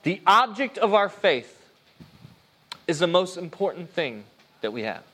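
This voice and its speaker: High-voiced earnest preacher man. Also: big pitch swings, unhurried, bright, forceful tone. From United States. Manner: earnest, conversational preaching with frequent restarts. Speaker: pastor. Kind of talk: sermon.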